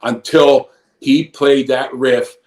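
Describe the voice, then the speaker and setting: A medium-pitched, slightly mellow voice moves slowly and keeps a steady tone. It belongs to a guest in his fifties, a onetime pro wrestler, casually telling a sprawling story laced with profanity in an echoey room.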